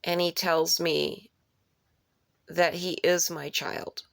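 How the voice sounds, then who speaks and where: A woman's voice: fairly low pitch, flat delivery, takes it slowly, vocal fry, no echo. A woman recounting a dream in an unscripted way, rambling and repeating phrases for emphasis. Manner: rambling, with restarts and searching for words. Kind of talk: unscripted personal retelling of a dream.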